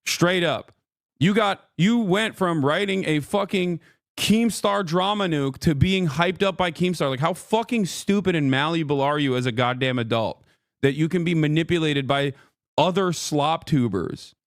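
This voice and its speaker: Streamer in his thirties, a man with a fairly high voice and a dry close mic, heated and profane rant. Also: lively intonation, moderate pace, dry recording. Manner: profane, heated, repeats "okay?" often. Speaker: streamer reacting to a video. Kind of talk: angry live-stream rant.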